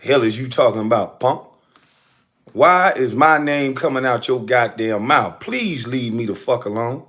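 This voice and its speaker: A man's voice: medium pitch, measured pace, a bit bright. A man delivering an angry, profane rant straight to the camera, calling out critics in a heated, confrontational way. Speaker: commentator answering critics.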